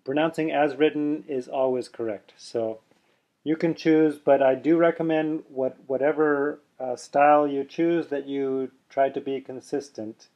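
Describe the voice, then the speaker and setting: A man teaching pronunciation, who explains slowly and then chants the examples with careful, deliberate delivery. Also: fairly high pitch, fairly even intonation, a little mellow, highs cut off. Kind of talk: pronunciation lesson with slow chanting.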